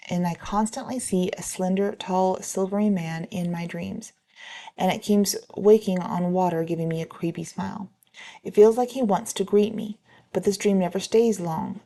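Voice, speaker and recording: A woman reads posted stories aloud in a plain, even delivery, now and then stumbling and restarting a word. Her voice sits on the low side with a gravelly, creaky edge and a dark, mellow tone. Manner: plain, steady reading with a few slips and restarts. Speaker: reader of online stories. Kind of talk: reading posts aloud.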